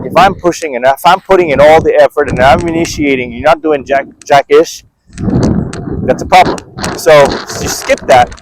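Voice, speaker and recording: A man's voice: mid-range voice, noisy background. A man talking candidly to his viewers about his own life, conversational, often stopping to ask "right?". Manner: conversational, repeats words, asks the viewer "right?". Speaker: vlogger. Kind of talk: candid personal storytelling to camera.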